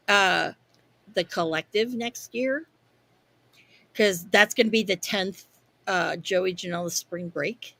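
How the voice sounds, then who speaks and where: Woman cohost, bright voice, cursing a lot, rambly wrestling chat. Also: medium pitch, slow pace, long pauses. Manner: profane, rambling, animated storytelling. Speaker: podcast co-host.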